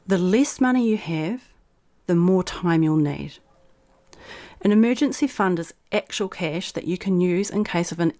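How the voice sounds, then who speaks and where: A woman's voice: fairly low pitch, warm tone. A woman vlog host who reads her old blog post aloud in a frank, persuasive way, then reflects on it.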